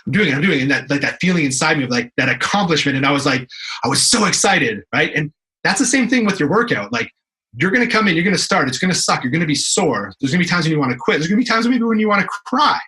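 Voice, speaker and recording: Bright-voiced man telling stories animatedly. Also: a little high, quick pace, poor audio. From Canada. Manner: animated storyteller, frequent restarts and fillers. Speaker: fitness professional, guest. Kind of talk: casual interview chat.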